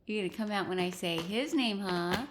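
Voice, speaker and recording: A woman filming a casual vlog while cat sitting, talking to a kitten in sweet, high baby talk, recorded indoors at home. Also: moderate pace, a little hiss or hum.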